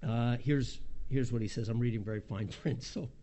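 A man's voice: medium pitch, moderate pace, dark tone. A middle-aged man preaching a sermon in an earnest way, reading quotes aloud and repeating words when he presses a point. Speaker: pastor.

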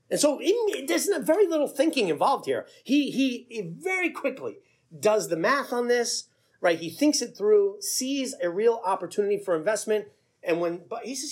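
A male pastor preaching a sermon, retelling the story in a lively, conversational way and slipping into the characters' voices. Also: very high-pitched, normal speed, breathy edge. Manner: animated storytelling, acts out the characters with chuckles.

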